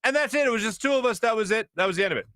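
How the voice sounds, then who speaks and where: A man hosting a sports talk show in a studio, telling a story in a lively way and laughing as he acts out what people said. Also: high-pitched, very fast, dry recording. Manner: animated, laughing as he acts out quotes. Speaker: host. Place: radio studio.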